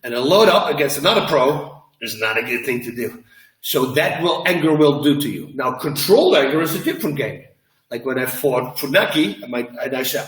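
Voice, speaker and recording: A man who is a former fighter, answering interview questions in an emphatic, animated way and acting out quotes as he tells stories. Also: medium pitch, brisk, echoey room, recorded from a distance, low-quality recording.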